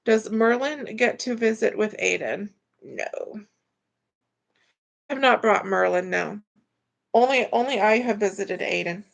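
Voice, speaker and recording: This livestream host from Florida, US, reads viewer comments in a casual live chat, speaking a little slowly in a creaky mid-range voice and pausing often. Her answers ramble, with frequent restarts where she repeats words.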